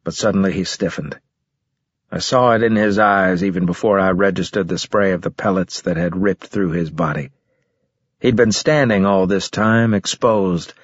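A husky male voice tells a first-person story in a steady, measured delivery with a grim weight. The recording is dry and a touch muffled, with no room sound around him. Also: deep voice, dry recording. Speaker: audiobook narrator. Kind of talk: first-person scripted narration.

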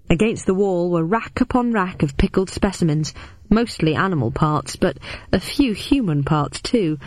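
A woman reading a first-person story aloud as an audiobook, with steady, even storytelling. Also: lowish voice, no echo. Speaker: audiobook narrator.

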